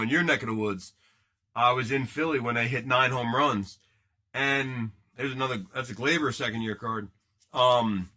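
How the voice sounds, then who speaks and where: A man's voice: medium pitch, bright, forceful tone. A man hosting a casual live card break, joking and rambling as he chats with viewers while opening packs. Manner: joking, rambling, banters with chat.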